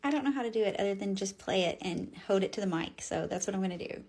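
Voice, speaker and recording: A woman telling ghost stories to her viewers in a chatty, animated way. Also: medium pitch, quick pace, slight background noise. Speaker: ghost story vlogger. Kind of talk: casual storytelling to camera.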